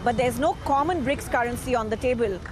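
A woman correspondent files a scripted news report in a fairly high voice. Her delivery is crisp and emphatic. Clear street and traffic noise sits behind her. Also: brisk.

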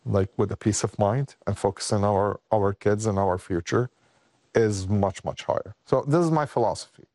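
Earnest low-voiced male interview guest. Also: mellow, no echo, studio quality. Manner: earnest, halting, with many restarts. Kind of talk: emotional interview storytelling.

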